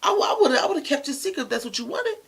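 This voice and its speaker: A storyteller voicing an earnest young man who pleads sincerely with a close friend, talking in a raised, louder voice. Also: medium pitch, animated, a little fast, husky, voice pushed up.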